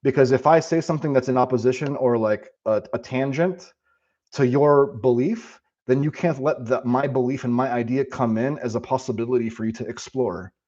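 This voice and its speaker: Man, live streamer, casual spiritual chat, profane, rambling, animated, dull muffled sound. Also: mid-range voice, moderate pace.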